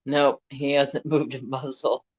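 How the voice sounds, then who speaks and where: A man's voice: medium pitch, level tone, a little slow, slightly rough, muffled recording. An American man chatting casually and playfully about his pets and talking to them, as a craft channel host.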